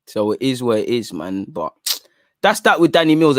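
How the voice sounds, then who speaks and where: A young man hosting a livestream, talking in animated, slangy casual banter. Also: medium pitch, normal speed, dry recording, clean studio sound. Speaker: fan channel livestream host.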